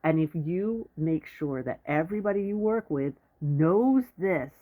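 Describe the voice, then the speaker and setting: This advice vlogger's mid-range voice is expressive and a little slow. The casual monologue is blunt and rambling, often halted mid-sentence for a fresh start, and the sound is tinny like a phone call.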